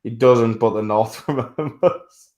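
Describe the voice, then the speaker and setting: A man co-hosting a casual sports podcast, talking bluntly, swearing freely and laughing loudly. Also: medium pitch, measured pace. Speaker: podcast co-host.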